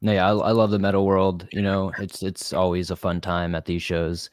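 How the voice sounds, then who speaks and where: A man's voice: low voice, flat delivery, moderate pace, no room sound, studio quality. A young man, a metal singer and podcaster, chatting easily as a guest and laughing often. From Florida. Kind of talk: casual interview chat.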